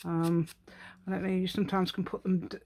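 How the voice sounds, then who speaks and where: A woman's voice: fairly low pitch, little pitch movement, brisk, dark tone, slight background noise. A woman hosting a crafting tutorial, chatting as she works, rambling and laughing often. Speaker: craft channel host.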